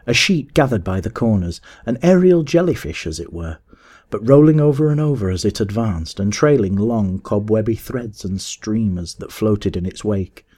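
A man with a fairly low voice reads an old adventure tale aloud. He keeps an even, measured storytelling pace through the narration. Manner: measured, even storytelling that rises to shouts in dialogue. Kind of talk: audiobook reading of a classic story.

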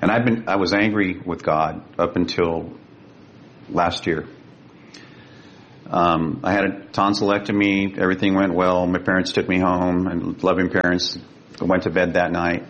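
Deep gravelly older man telling a story. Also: flat delivery, a bit bright. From California. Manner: earnest, emotional, slows down for quoted speech. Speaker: guest. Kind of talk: personal storytelling. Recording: dull lo-fi sound with faint rumble.

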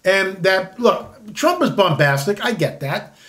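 A man's voice: sits high, expressive, a little slow, a bit bright. A man in his sixties hosting a commentary show, talking in a conversational, opinionated monologue with self-interruptions and mocking asides. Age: 60s.

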